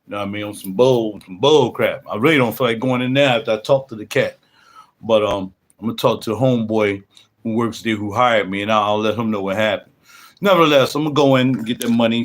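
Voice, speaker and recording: An older man talks in a relaxed, rambling way on a livestream, full of casual slang. His pitch sits at an ordinary middle level for a man. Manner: laid-back, rambling, slangy. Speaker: livestream host. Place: home music room.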